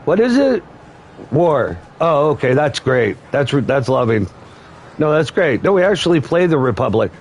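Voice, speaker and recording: Guy playing a snarky farmer uncle, kinda high voice, just trash-talking nonstop. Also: big pitch swings, moderate pace, slight background noise. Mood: mocking. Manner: taunting, scornful, rambling rants. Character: sarcastic mocking farmer uncle, grown man.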